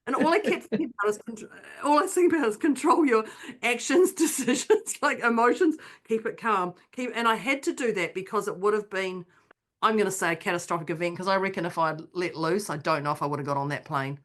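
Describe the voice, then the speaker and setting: A woman chatting on a podcast, her voice set in the middle of the usual range. She recounts a story with animated flair, slipping into the voices of the people in it. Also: medium pitch, quick pace. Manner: animated storyteller, acts out her own quotes. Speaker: podcast co-host. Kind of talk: casual chat, storytelling.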